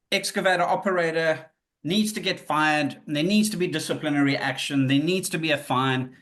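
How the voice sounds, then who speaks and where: A man leading a webinar, speaking in a fairly high voice. He talks conversationally and acts out the questions and retorts he quotes, shifting his tone for each. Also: a bit bright. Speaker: webinar presenter. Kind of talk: live webinar talk.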